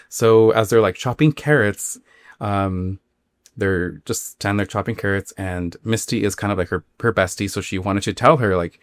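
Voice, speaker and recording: A man with a low voice hosts a spooky podcast, retelling a listener's dream story in a loose, chatty way. He rambles and leans on fillers, and the recording is close and dry. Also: normal speed, dry recording. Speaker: podcast host.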